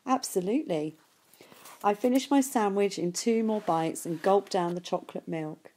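Woman reading a kids book out loud, warm mellow voice, steady and unhurried. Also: medium pitch. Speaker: reader. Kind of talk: reading a novel aloud.

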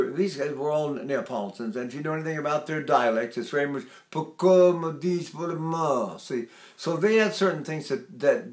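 A man's voice: mid-range voice, reverberant. An older man teaching a vocal lesson, talking in a rambling way and breaking off to sing and mimic examples. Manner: rambling, demonstrates by singing and mimicking.

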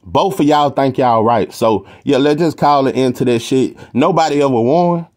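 A man's voice: medium pitch, expressive, normal speed, a little mellow. A man with a Texan accent hosting a boxing talk show, rambling and emphatic, with plenty of slang and profanity. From Texas. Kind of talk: casual opinionated boxing commentary.

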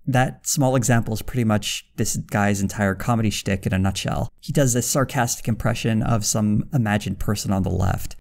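A man's voice: on the low side, normal speed, gravelly, few pauses, a little mellow, a little hiss or hum. A man narrating a scripted commentary video in a dry, critical manner. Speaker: video essayist.

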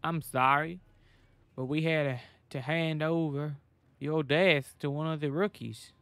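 A smug police sergeant trades dry jokes in a game, voiced by a man. The voice is clear and smooth, and every line carries a teasing edge. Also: fairly high pitch, steady tone, measured pace, a bit bright, no room sound.

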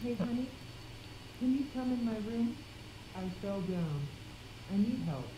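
A woman voicing a creature that mimics a mother, speaking in a flat, monotone voice from a horror clip. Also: on the high side, a little slow. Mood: flat pleading. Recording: echoey room, faint noise.

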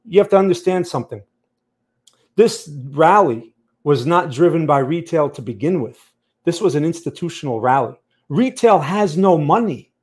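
A man's voice: fairly high pitch, lively intonation, normal speed, darkish tone. A man hosting a live stream, analysing charts and answering chat in a conversational way, often checking in with the viewers. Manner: conversational, keeps checking in with "okay?" and "right?". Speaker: trading channel host.

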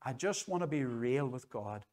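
A man's voice: mid-range voice, expressive, normal speed, darkish tone. A middle-aged man with a Northern Irish accent preaching an earnest, conversational sermon in church that ends in an altar call. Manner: earnest, conversational, repeats phrases for emphasis.

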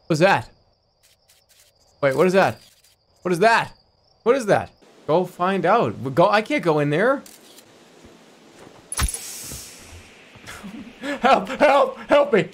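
Excitable male streamer yelling at a game. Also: sits high, measured pace, long pauses. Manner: excitable, yelps and repeats himself. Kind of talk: live gameplay commentary.

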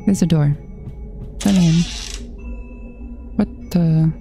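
Woman, horror game commentary, low gravelly voice, jittery self-talk. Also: takes it slowly, dark tone, soft background music. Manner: jittery, muttering to herself, repeats herself nervously. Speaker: gaming channel host.

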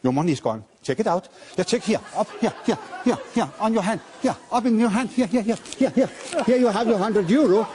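A man's voice: sits high, expressive, brisk, few pauses, a little mellow, slight background noise. Playful man doing a pickpocket stage act. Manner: playful, teasing, coaxing audience volunteers. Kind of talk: live stage patter with volunteers.

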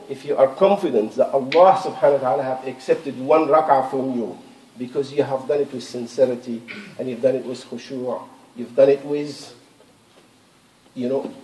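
A man's voice: a little high, warm tone. A man giving a Friday sermon as imam in a mosque, talking conversationally, repeating words and reciting scripture in Arabic. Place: mosque prayer hall. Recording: echoey, distant room recording.

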